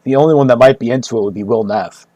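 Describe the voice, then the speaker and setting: A man talks casually on a stream in a rambling, joking way. He loops back over his own phrases, swears freely and keeps laughing at his own ideas. His voice sits at a middle pitch and sounds close and dry, with no room echo. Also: racing, dark tone, muffled recording. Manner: joking, rambling, repeats himself, laughs often; profane.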